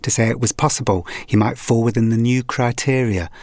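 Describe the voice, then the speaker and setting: A man's voice: medium pitch, steady tone, fairly quick, darkish tone, no echo. A man hosting a documentary podcast, narrating and questioning his guest in a dry, probing way. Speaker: host and narrator.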